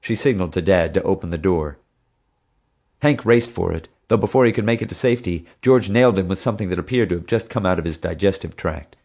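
A man narrating an audiobook in expressive storytelling fashion. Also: low voice, fast talker. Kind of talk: scripted narration.

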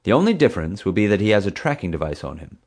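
A man's voice: on the low side, big pitch swings, racing, darkish tone, voice pushed up. A man reading an audiobook voices a stern, commanding female theme park boss who gives curt orders. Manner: curt, bossy, clipped orders.

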